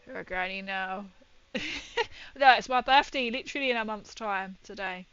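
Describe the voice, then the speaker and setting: A woman's voice: mid-range voice, normal speed, a bit bright, clear, resonant tone, dull audio. A woman painting miniatures and chatting with viewers in a rambling, giggly way. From Britain. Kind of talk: casual chat while painting.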